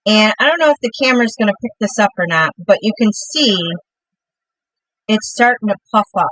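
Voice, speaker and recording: A woman's voice: mid-range voice, lively intonation, brisk, a bit bright, no echo, rough recording. A middle-aged woman hosting a live crafting demo, chatty and upbeat, talking through each step while she works.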